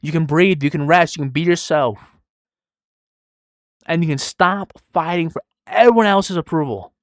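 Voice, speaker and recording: Young male preacher, twenties, tired and soft-spoken, conversational, dry close sound. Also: fairly high pitch, moderate pace, no echo. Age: 20s. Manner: soft-spoken, conversational, trailing quiet between emphatic rises. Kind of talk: sermon.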